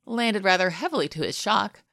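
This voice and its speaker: A woman's voice: medium pitch, expressive, normal speed, creaky, a bit bright, no room sound, studio quality. A woman voicing a stern older grandmother with a hint of amusement.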